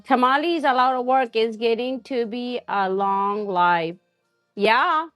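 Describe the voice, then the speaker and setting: A woman's voice: a little high, takes it slowly, a bit bright, soft background music. A woman hosting a cooking live stream, chatting casually and answering viewer comments with frequent laughs. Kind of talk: casual chat while cooking.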